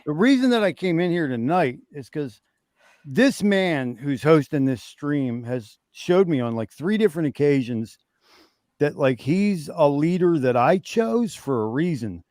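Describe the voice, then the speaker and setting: Man, 50s, livestream guest, emphatic, profane, pep-talk energy, fairly high voice, dry sound. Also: very animated, a little slow, a little mellow, no room sound. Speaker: stream guest. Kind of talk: candid livestream chat.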